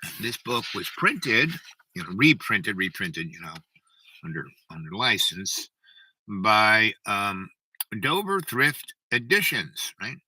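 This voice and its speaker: Older male streamer, rambling storyteller, very bright tone, dry close sound. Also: fairly low pitch, sing-song, slow pace, breathy edge, dry recording, low-quality recording. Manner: rambling, keeps asking "right?". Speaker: livestream host. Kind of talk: rambling storytelling to a live chat.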